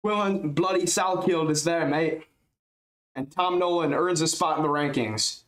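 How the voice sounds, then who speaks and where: A man streaming casual live fight commentary, excitable and rambling as he thinks out loud. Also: on the high side, measured pace.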